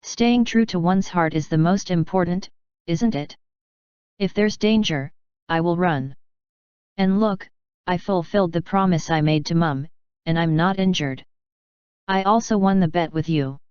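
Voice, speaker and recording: A cheeky, boastful young brother from an audiobook, read by a woman in a clear, smooth voice on the low side. The recording is dry and a little dull. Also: a little slow, pauses often, darkish tone, dry recording, natural voice.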